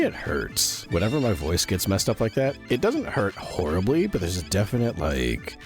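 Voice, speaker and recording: A man with a very low voice that sounds strained and roughened from yelling, chatting casually on a game stream. His pitch swings widely between remarks as he reacts aloud and answers chat. Faint game music plays behind him.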